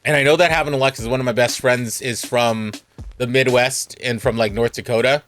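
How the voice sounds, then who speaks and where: A man's voice: mid-range voice, fairly even intonation, a little fast, a bit bright, soft background music. Laid-back Californian man telling a story. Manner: rambling, self-mocking, laughs a lot. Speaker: streamer. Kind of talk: casual storytelling on stream.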